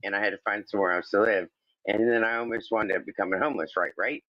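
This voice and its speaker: Man on a livestream, lowish voice, kinda muffled dry audio, rambles through a story and does the voices. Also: steady tone, fast talker, dry recording. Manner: rambling storyteller, acts out quoted dialogue. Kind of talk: casual livestream chat.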